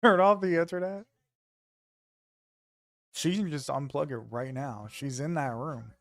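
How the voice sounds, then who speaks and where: A man's voice: fairly high pitch, a little slow, no echo. A man streaming from home, chatting loosely with his viewers, joking and swearing casually. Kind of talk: casual chat with live viewers.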